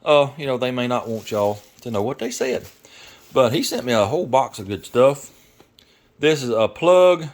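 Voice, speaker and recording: A man with a Southern American accent talking casually in a garage workshop, rambling and folksy, thinking out loud with lots of fillers. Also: mid-range voice, slight background noise. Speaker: garage YouTuber and mechanic. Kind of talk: casual workshop vlog talk.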